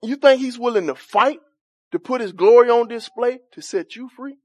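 A male preacher delivers a lively sermon, firing questions at his congregation and joking in folksy church vernacular. His voice sits high for a man. The sound is close and dry. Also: normal speed, dry recording. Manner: call-and-response with congregation, laughing, questioning.

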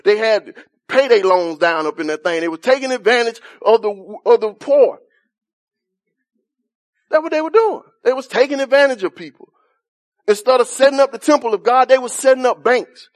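High-voiced impassioned male preacher. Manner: impassioned, rising to shouts then dropping soft. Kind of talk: sermon.

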